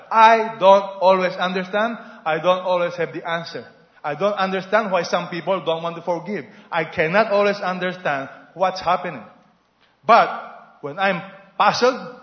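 Animated male preacher in echoey church. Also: fairly high pitch. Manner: animated preaching, call-and-response questions to the congregation. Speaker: pastor. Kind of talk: sermon. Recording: echoey, slightly dull hall recording.

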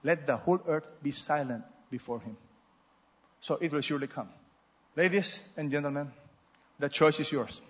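A man preaching a sermon, swinging between loud exhortations and soft asides and having the congregation repeat after him. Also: a little high, normal speed, pauses often, breathy edge. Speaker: pastor. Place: large church hall. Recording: muffled sound with long hall reverb.

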